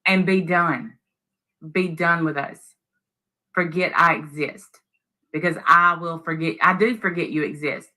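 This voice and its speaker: A woman's voice: lowish voice, fairly even intonation, measured pace, pushed and bright, rough recording. A woman on a livestream panel, mocking someone with crude jokes in casual chat.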